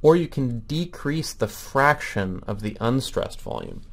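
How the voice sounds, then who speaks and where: A man's voice: mid-range voice, animated, measured pace, gravelly. A man giving a recorded medical lecture, explaining step by step with frequent ums and self-corrections.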